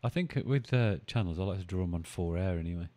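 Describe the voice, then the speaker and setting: A man with a low, mellow voice talks through a live stream. He rambles, thinks aloud and teases his viewers in a casual, chatty way. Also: fast talker. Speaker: live-stream trading host.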